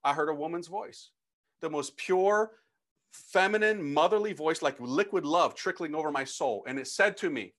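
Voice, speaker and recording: A man who is a priest, from the United States, telling his own testimony to an audience in an animated, slangy, emphatic way. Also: a little high, moderate pace. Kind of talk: personal testimony talk to an audience.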